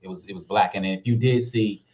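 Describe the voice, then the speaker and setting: A man, a guest actor telling stories in a casual interview, relaxed and full of fillers. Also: on the low side, fairly quick, highs cut off. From Harlem, New York. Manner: laid-back, full of fillers, lively when retelling.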